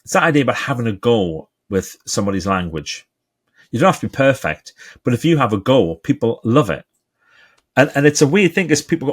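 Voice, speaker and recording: A man's voice: mid-range voice, fairly quick, husky. A man with a Geordie accent, a guest author talking in an interview and acting out the people in his stories. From England. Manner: animated storyteller, acts out quoted voices. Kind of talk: conversational interview.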